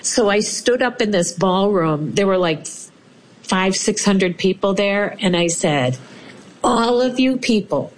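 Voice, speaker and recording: A woman telling a personal story in a lively way, acting out the voices of the people she quotes. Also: medium pitch, a little slow, a little hiss or hum. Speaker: storyteller recounting her experience.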